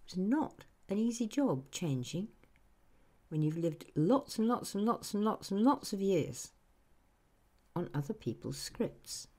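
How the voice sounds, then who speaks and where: Woman, unhurried self-help speaker, dark mellow tone, animated pitch. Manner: speaks to the listener directly, acts out other people's remarks. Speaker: author giving a self-help talk. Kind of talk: reflective motivational monologue.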